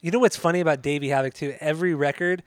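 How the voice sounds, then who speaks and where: A man co-hosting a casual music podcast, excitable and swearing a lot, often singing along. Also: fairly high pitch, very fast, no echo, clean studio sound. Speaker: podcast co-host.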